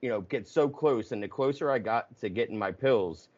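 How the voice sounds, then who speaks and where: A man hosting a casual conversation, telling stories in an animated way with swearing and laughs. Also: mid-range voice, normal speed, highs cut off. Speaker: podcast host.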